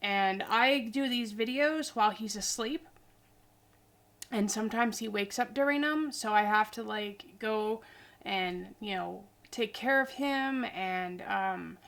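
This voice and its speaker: A woman's voice: on the high side, a bit bright. Tired, chatty woman in her forties. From Idaho, US. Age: 40s. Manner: rambling, chatty and goofy. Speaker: vlogger. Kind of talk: casual chat.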